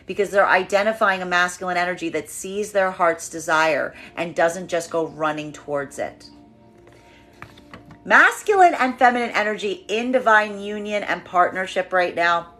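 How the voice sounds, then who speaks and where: Bright-voiced woman giving a tarot reading. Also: lowish voice, lively intonation, moderate pace, faint music behind. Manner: emphatic, repeats phrases, acts out quoted voices. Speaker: tarot reader.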